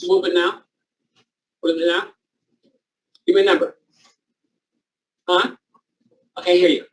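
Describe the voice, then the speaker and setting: A man's voice: high-pitched, little pitch movement, a little slow, distant mic, poor audio. A man leading a naturopathy training class, coaching volunteers through a live demonstration and repeating short commands. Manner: loose, informal phrasing. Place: training room before a live audience.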